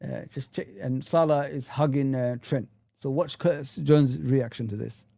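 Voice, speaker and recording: A man's voice: medium pitch, steady tone, moderate pace, vocal fry, dark tone, no room sound, studio quality. A young man hosting a casual livestream, reading viewer comments and chatting loosely with slang. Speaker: livestream host. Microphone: streaming setup mic.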